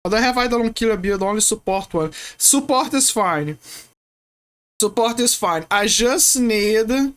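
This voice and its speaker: A woman's voice: on the high side, expressive, a little slow. A woman from Brazil, chatting casually and playfully with viewers while streaming a game, often restarting her sentences. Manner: rambling, playful, many restarts.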